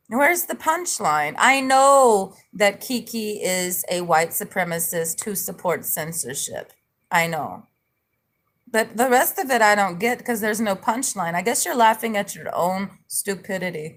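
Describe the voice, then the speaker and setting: Woman streamer, mocking and taunting, slow delivery, sings bits between jabs. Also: mid-range voice, expressive, a bit bright. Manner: mocking, taunting, breaks into sung snippets. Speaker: livestream host. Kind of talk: livestream chat reading viewer comments.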